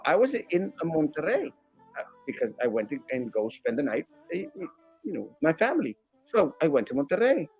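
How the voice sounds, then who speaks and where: Talk-show guest, man, a bit higher voice, lively and talkative, husky. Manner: animated, acts out critics in mocking voices; many restarts and fillers. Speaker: guest, sitting school board member. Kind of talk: casual interview talk.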